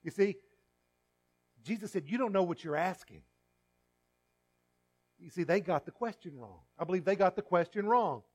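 Male pastor, higher-pitched, sermon delivery with hushed asides and loud emphatic peaks. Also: lively intonation, moderate pace, pauses often. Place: church.

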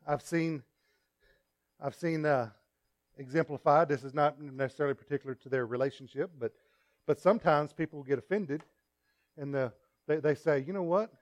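A male pastor preaching a sermon in a conversational, storytelling way, with asides to the congregation and swings between loud emphasis and quiet remarks. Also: fairly high pitch, moderate pace, pauses often.

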